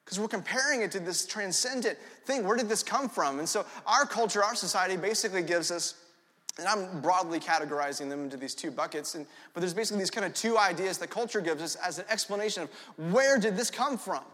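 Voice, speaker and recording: A young adult man preaching a sermon in an animated storytelling manner, often checking in with "right?" asides. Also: high-pitched, quick pace. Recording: long hall reverb.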